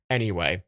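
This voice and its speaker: A man's voice: low voice, sharp tone, clean tone. A young man hosting a casual livestream from his home office, rambling and swearing as he talks. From Britain. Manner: sweary, rambling, restarts often. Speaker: livestream host.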